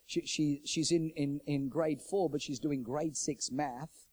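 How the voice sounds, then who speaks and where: A middle-aged pastor preaches from the pulpit and tells his stories with a lot of animation. His voice sits a little high for a man. When he quotes other people, he acts out their voices, and his pitch jumps around. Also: fairly even intonation, a little slow, a little mellow, slightly rough. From New Zealand. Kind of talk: sermon storytelling.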